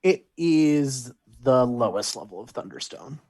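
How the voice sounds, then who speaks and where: A man acting as game master in a tabletop game, describing scenes and calling for rolls in an animated way with quick restarts. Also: medium pitch.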